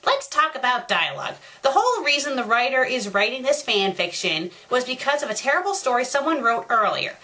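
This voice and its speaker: Double D, prim and lively, read by a woman. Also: high voice, brisk, few pauses, exaggerated voice. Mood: lecturing. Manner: prim, instructive reading. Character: polite fussy boy explaining grammar.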